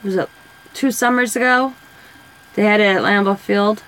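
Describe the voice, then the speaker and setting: A woman's voice: medium pitch, fairly even intonation, normal speed, a bit bright, low-quality recording. A woman, telling rambling stories in casual chat while coloring for her craft vlog. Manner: rambling, chatty storyteller. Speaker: craft vlogger.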